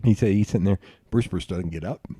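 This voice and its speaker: A man hosting a podcast, telling rambling stories in a loose, profane, animated way. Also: low-pitched, fast talker, slightly rough, no room sound, studio quality. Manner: animated, profane, rambling storyteller who bursts into laughs. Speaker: podcast host. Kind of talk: casual storytelling chat.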